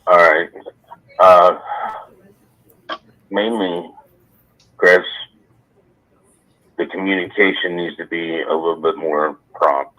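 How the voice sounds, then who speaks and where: A man on a phone played through a speaker, complaining firmly but haltingly with many fillers. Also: low-pitched, flat delivery. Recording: thin phone line over a speaker.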